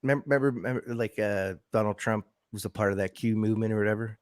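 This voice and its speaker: A man's voice: on the low side, fast. A man chatting on a podcast, tossing in short offhand remarks. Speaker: podcast co-host. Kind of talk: casual podcast chat.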